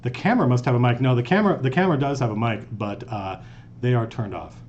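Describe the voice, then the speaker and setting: A man's voice: medium pitch, fast, lo-fi sound, a little hiss or hum. A man hosting a live stream in an office conference room, talking casually and telling stories with lots of restarts, recorded on a lapel mic. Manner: animated, rambling storyteller with many restarts. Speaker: game master and host.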